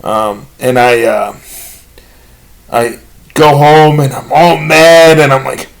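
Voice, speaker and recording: A man telling a self-deprecating comedy monologue, halting with many pauses and fillers. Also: medium pitch, steady tone, creaky, poor audio. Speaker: amateur comedian.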